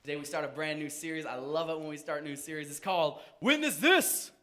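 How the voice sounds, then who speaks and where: Male pastor, fairly high voice, casual animated sermon delivery. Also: quick pace. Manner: conversational, self-joking, animated.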